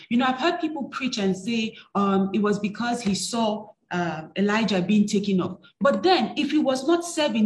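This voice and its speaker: A woman's voice: medium pitch, echoey room, a little hiss or hum. A woman preaching a sermon, reading scripture and rising into emphatic bursts. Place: church.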